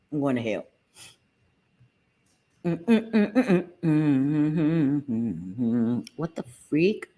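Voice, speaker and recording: A middle-aged woman hosting a casual livestream from her home, talking to viewers by name and cursing freely. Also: fairly low pitch. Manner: chatty, swears freely, talks to viewers by name. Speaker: livestream host.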